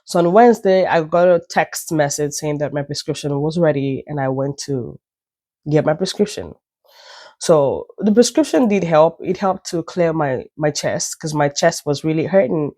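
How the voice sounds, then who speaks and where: Expressive and mellow, her low voice moves at a moderate pace in a studio-quality recording with no echo. She's a Nigerian vlogger telling a chatty, meandering story at home, with self-deprecating asides. Her nose is stuffy and she coughs occasionally.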